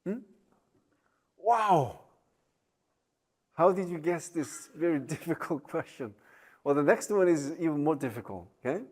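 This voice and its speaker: Male lecturer, slightly high voice, slow and chatty, joking asides, lots of "okay?" and "right?". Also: animated. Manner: chatty, joking asides, many fillers and tag questions. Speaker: university lecturer. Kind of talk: recorded online lecture.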